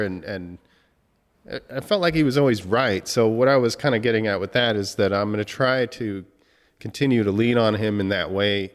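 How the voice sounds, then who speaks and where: Choked-up man in a reverberant room. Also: lowish voice. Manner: halting, many restarts and fillers, heavy swearing. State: emotional, choked up. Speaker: podcast host. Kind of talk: emotional tribute monologue.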